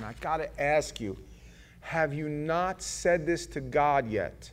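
A man preaching a sermon as pastor, earnest and pleading, dropping from loud passages to hushed ones. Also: medium pitch, moderate pace.

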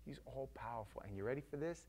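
A male preacher giving a casual, emphatic sermon that swings from loud to hushed. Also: medium pitch, expressive, quick pace, gravelly, a little hiss or hum.

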